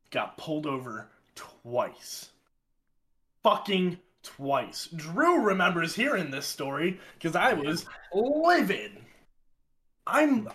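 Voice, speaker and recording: A young man telling a story in a casual, animated and exasperated way, swearing often. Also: on the high side. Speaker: podcast co-host telling a story.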